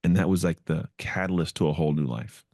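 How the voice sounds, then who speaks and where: A man's voice: extremely low pitch, fast talker, dark tone, dry recording, clean studio sound. A man as a podcast guest, telling his story in an earnest, reflective way and acting out the voices in his head. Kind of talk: storytelling interview.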